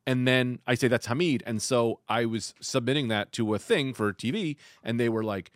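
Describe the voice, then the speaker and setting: A man's voice: mid-range voice, normal speed, no echo, studio quality. A man chatting casually on a comedy podcast, telling stories with jokes. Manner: animated, joking storyteller with lively swings.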